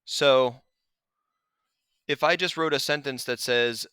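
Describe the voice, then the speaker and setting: A man teaching a grammar lesson over slides, relaxed and chatty, with asides to his students. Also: mid-range voice, slow, long pauses, clean tone, no room sound. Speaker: Spanish teacher.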